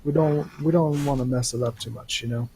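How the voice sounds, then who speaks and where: A man's voice: mid-range voice, steady tone, a little fast, darkish tone, slight background noise, natural voice. A man voicing a reluctant, curt library guard in a tabletop game. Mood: dismissive. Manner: curt, dismissive.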